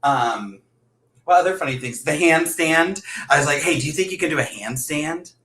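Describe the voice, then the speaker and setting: Hosting a casual livestream from a room in his house, a man tells animated stories, voices the quotes himself and laughs a lot. He sounds a little high and a bit bright, expressive at a moderate pace, in an echoey room.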